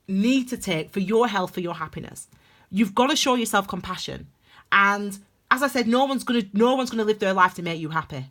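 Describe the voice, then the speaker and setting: A woman's voice: on the high side, fairly bright tone. Impassioned woman giving a tarot reading. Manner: emphatic, rambling, impassioned, with frequent restarts. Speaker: tarot reader. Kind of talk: casual spoken tarot reading to camera.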